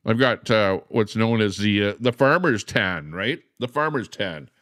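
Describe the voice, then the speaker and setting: A man hosts a laid-back livestream, drifting between topics with plenty of "uh" fillers and greeting viewers by name. His voice sits low and comes across smooth and clean. The recording is dry, with no room sound. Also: animated, measured pace, fairly bright tone, dry recording. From Canada. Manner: rambling, with many "uh" fillers; friendly, greets chatters by name. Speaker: livestream host. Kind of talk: casual livestream chat.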